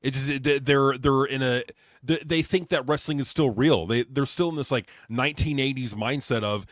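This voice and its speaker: A man's voice: mid-range voice, normal speed, dry recording, clean studio sound. A man co-hosting a casual podcast, ranting in a heated, profane way about wrestling. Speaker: podcast co-host.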